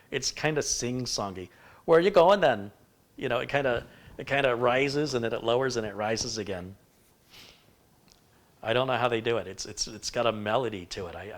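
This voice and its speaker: A man's voice: mid-range voice, a bit bright. A man hosting a PC-building live stream, rambling casually and reading viewer comments aloud. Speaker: PC building livestream host.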